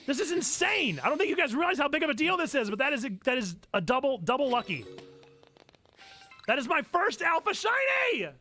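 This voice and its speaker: A man hosting a live game stream, chatting casually and yelling excitedly at what happens on screen. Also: extremely high pitch, brisk, faint music behind. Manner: excitable, yelps and shouts at the game. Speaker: streamer host.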